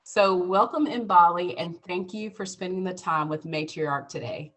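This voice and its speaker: A woman's voice: fairly low pitch, a little slow. A woman hosting a podcast, giving effusive introductions and chatting casually with a guest. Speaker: podcast host. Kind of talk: casual interview.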